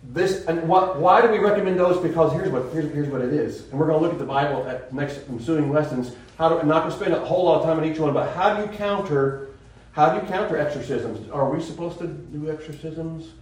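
A man's voice: on the high side, fairly quick, darkish tone. A man preaching a sermon in an earnest, rambling way, often restarting his sentences. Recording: very echoey room, voice from far off mic.

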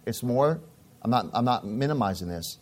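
A man's voice: medium pitch, animated, moderate pace, a little mellow. A middle-aged man preaching a sermon as a pastor, telling stories in a conversational way and often repeating his phrases.

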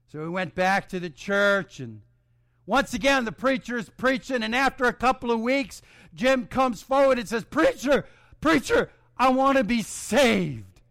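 A man preaching, telling a story with dramatic swings from hushed lines to shouts. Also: high voice, vocal fry, no room sound, clean studio sound. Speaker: pastor. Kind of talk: storytelling sermon.

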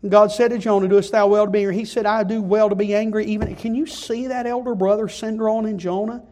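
A man preaching a sermon, moving from quiet pleading to loud, impassioned delivery. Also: high voice, little pitch movement, fast talker.

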